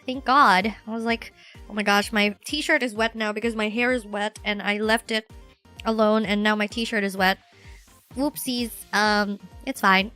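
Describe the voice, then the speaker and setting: A woman livestreamer in casual chat, bubbly and animated, with many fillers, switching between English and Japanese. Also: mid-range voice, measured pace, soft background music. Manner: bubbly, animated, self-deprecating.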